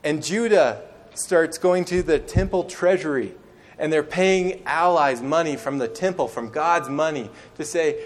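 A man's voice: fairly high pitch, measured pace. A young man preaching a sermon, telling stories conversationally and acting out quoted lines, sometimes restarting words. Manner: storytelling with acted-out quotes. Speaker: pastor.

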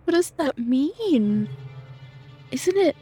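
A man putting on a high, halting voice for a player character in a tabletop game. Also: sing-song, dark tone, soft background music, full character voice. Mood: puzzled. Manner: high put-on falsetto, hesitant.

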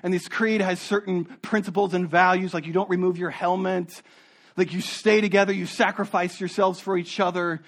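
A man preaching a sermon as a pastor, earnest, dropping low and soft for emphasis and often repeating words as he searches for them. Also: little pitch movement, moderate pace.

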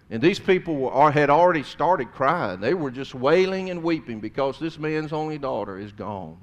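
A man preaching a sermon, swinging between loud emphasis and hushed tones. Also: medium pitch.

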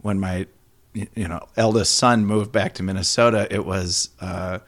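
A middle-aged man co-hosting a podcast, relaxed and chatty, often drifting quieter as he recalls things. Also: deep voice, normal speed. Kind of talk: casual interview chat.

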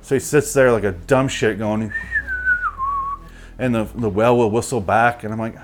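A man's voice: fairly low pitch, moderate pace, pauses often, over loud music. Foul-mouthed exasperated man ranting. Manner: crude, exasperated, mocking. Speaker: movie reviewer. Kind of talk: profane comedic movie rant.

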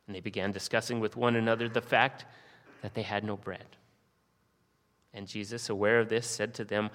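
A man's voice: lowish voice, flat delivery, normal speed, a bit bright. A male pastor preaching a sermon, reading scripture aloud and posing earnest rhetorical questions to the congregation. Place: church sanctuary. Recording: long reverb of a church hall.

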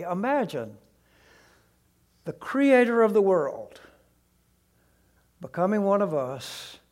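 A man preaching a sermon, slow and deliberate, sometimes dropping to a hushed voice, recorded outdoors beside a tree. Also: high-pitched. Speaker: pastor.

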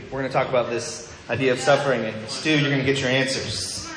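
A man's voice: medium pitch, steady tone, quick pace, a crowd in the background. A male pastor giving a sermon, telling a personal story in a candid, conversational way with wry asides. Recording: echoey hall with long reverb.

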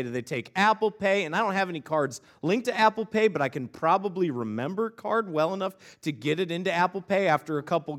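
Preaching in a church sanctuary, a man in his thirties recounts a funny story from his own life, repeating many words, and then shifts into scripture. His high voice carries a slightly bright quality.

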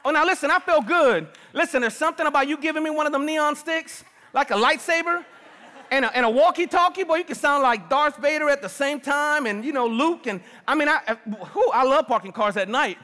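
A middle-aged man preaching a sermon as pastor, lively and personal, calling on the congregation. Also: extremely high pitch, fairly quick. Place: large church hall. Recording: long reverb of a big hall.

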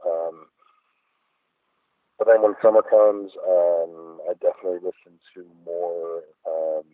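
A man's voice: sits low, little pitch movement, slow, no room sound. A middle-aged man, a guest artist, chatting in a reflective, rambling way with many fillers. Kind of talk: casual interview chat. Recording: phone-like dry line.

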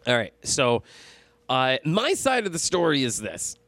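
A man's voice: mid-range voice, huge pitch swings, measured pace, gravelly, a bit bright, no room sound. Man telling a rambling, profane story. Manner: profane, rambling, with many fillers and restarts. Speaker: storyteller on a podcast. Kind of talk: casual spoken storytelling.

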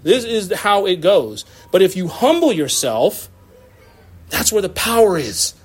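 A man in his thirties preaches to his congregation in a church. His voice sits high for a man, and he talks in a loose, conversational way, breaking into laughs and quick asides between points. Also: big pitch swings, husky. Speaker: pastor. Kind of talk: sermon. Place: church sanctuary.

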